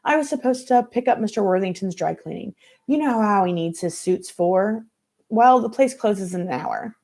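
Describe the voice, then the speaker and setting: A woman's voice: medium pitch, lively intonation, normal speed, a little mellow. A woman voicing a doting, evasive churchgoing mother who coaxes sweetly and quotes scripture. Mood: flustered. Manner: sweet Southern-style churchy coaxing, quoting scripture.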